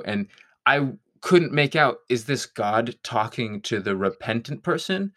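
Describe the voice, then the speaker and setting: A man's voice: mid-range voice, lively intonation, slow pace, fairly bright tone. A man talking as a guest in a conversation, thoughtful and searching, sometimes laughing. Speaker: guest songwriter. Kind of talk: reflective conversation.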